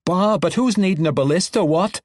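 A man's voice: sits high, brisk, no echo, clean studio sound, voice pushed up. A man voicing a feisty, boastful female dwarf spear-thrower with a dwarven brogue. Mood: brash. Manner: boastful, brash.

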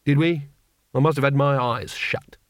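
A man's voice: medium pitch, steady tone, normal speed, no room sound, close to an everyday voice. A man voicing a cowardly, sardonic wizard with a dry, grumbling manner.

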